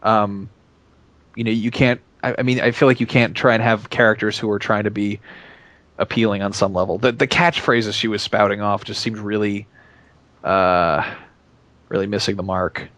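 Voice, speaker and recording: A man co-hosting a gaming podcast, opinionated but hesitant, working his thoughts out with many pauses and restarts. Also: lowish voice, fairly even intonation, fairly bright tone, dry recording. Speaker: podcast co-host. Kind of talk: casual chat.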